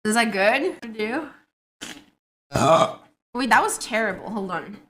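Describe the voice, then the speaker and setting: A woman's voice: fairly high pitch, lively intonation, slow pace, fairly bright tone. Chatty, apologetic young woman streamer. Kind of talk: casual live-stream chat.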